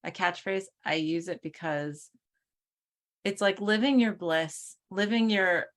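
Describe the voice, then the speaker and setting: A woman co-hosting a casual spiritual talk over a video call, chatty, full of fillers, and quick to laugh. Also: fairly low pitch. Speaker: co-host.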